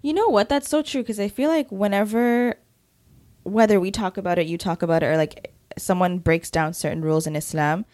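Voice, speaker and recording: A woman co-hosting a casual conversation, telling stories in an animated way and acting out what other people say. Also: mid-range voice, brisk, no room sound. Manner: animated storytelling, acts out quoted people. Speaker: podcast co-host.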